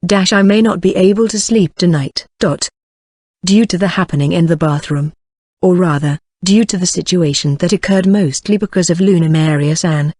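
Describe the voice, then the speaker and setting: A text-to-speech voice narrating a light novel in first person, flatly reading punctuation marks aloud. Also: medium pitch, no room sound, clean studio sound. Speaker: audiobook narrator.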